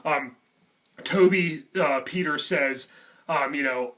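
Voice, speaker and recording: A man's voice: fairly high pitch, takes it slowly, fairly bright tone. A man giving a casual movie review, rambling with lots of fillers. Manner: rambling, many "um" and "you know" fillers. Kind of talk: casual reaction vlog.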